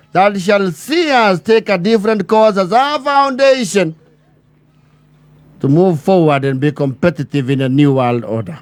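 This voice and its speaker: Playing a self-important chairman, a man gives a parody of a formal speech full of bureaucratic language and long, stretched pauses. His voice is high, and there's no echo in the recording.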